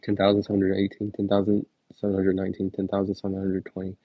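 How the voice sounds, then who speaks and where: A tired young man counts numbers aloud in a low, gravelly, husky voice that hardly rises or falls. The delivery is a plain, steady drone, and the sound is dry and a little dull, as if from a cheap close mic. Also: fast, no room sound. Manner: steady monotone counting with casual chatty asides. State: tired and sore. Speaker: youtuber attempting a counting record. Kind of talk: long livestream-style counting marathon.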